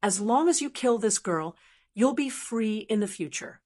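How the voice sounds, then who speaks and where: A woman's voice: on the high side, expressive, unhurried, a little mellow. A woman voicing a cruel, mocking male demon who taunts and coldly commands in an audiobook. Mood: coaxing.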